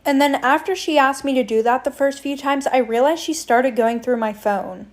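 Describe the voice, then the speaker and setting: A woman's voice: high voice, moderate pace. A young woman telling a storytime about a toxic friend, blunt and gossipy with swearing. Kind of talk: storytime monologue.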